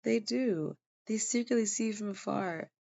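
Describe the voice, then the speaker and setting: Tired and yawning, a woman vlogger rambles through a personal testimony in a casual way, with plenty of fillers and restarts. Her mid-range voice is creaky and dark-toned at a moderate pace, on a dull lo-fi recording.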